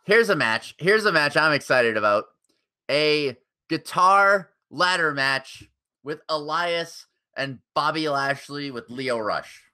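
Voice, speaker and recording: Sarcastic man, animated podcast chat. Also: a little high, takes it slowly, clear, resonant tone. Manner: sarcastic, swears freely. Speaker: podcast co-host. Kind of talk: casual chat.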